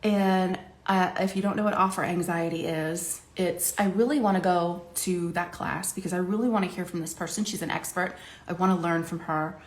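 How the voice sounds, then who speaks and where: A middle-aged woman from Ohio, a makeup coach chatting to camera while doing her makeup, talkative and quick to laugh. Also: lowish voice. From Ohio, USA. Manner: chatty, laughing, lively quoted voices. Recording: echoey room.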